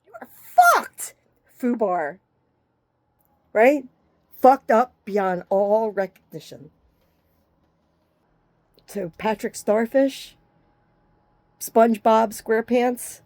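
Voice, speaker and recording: A woman's voice: fairly high pitch, very slow, long pauses, a little mellow, no room sound. A woman giving a rambling, agitated rant straight to the camera, swearing freely and jumping from topic to topic in broken fragments. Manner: agitated, profane, jumps between topics; speaks in fragments with frequent restarts.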